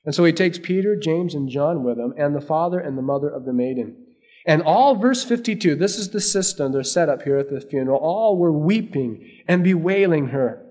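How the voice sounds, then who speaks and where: A man preaching a sermon, swinging between loud emphasis and hushed asides. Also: a little high, animated, normal speed. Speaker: pastor.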